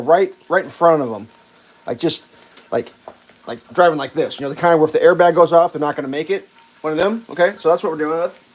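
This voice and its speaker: A man hosting a livestream, telling a rambling, profane story while he cooks and loudly acts out the quotes. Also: a little high, poor audio. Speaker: livestream host. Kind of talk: casual storytelling while cooking.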